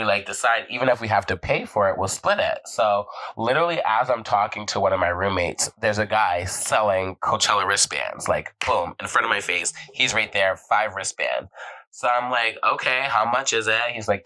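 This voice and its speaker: Young male vlogger, slightly low voice, animated storyteller who jumps into character voices. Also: normal speed, poor audio. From Southern California. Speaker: vlog host. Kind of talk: casual storytelling.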